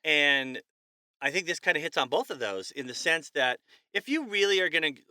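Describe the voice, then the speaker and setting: A man co-hosting a podcast in casual chat, expressive and jokey, slipping into quoted voices. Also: on the high side, moderate pace, clean tone, no room sound, studio quality. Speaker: podcast co-host.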